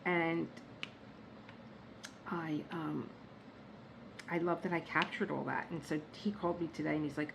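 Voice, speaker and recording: A woman vlogging from her home workspace, telling stories in a chatty, animated way and laughing at her own jokes. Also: low voice, moderate pace, creaky, pauses often, background noise. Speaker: diamond painting vlogger. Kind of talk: casual storytelling chat.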